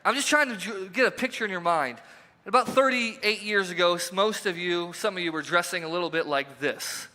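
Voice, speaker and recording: Male pastor, high sharp voice, casual sermon full of repeated questions, long hall reverb in a church. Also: fairly quick, a little hiss or hum. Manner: conversational, repeats rhetorical questions, joking asides. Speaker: lead pastor. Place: church sanctuary.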